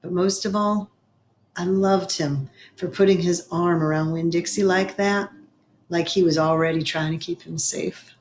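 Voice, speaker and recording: A woman's voice: lowish voice, steady tone, measured pace, slight background noise. Woman reading a children's novel aloud. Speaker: reader. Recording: echoey room.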